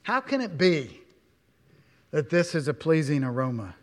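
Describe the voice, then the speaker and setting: A male pastor preaching a sermon in a church, stressing words loudly, then dropping to hushed asides, with many rhetorical questions. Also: fairly high pitch, very animated, measured pace. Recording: long hall reverb.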